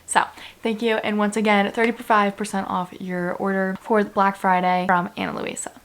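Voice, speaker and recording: A young woman talking casually to camera in a personal vlog, soft and halting, often dropping to a near whisper and close to tears. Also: mid-range voice, flat delivery, a little hiss or hum. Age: young adult. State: tearful. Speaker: book vlogger.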